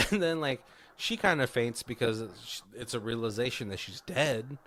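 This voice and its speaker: A man's voice: medium pitch, animated, unhurried, fairly bright tone. A man co-hosting a podcast in casual chat, retelling film scenes with lots of laughter and acting out the lines. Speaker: podcast co-host.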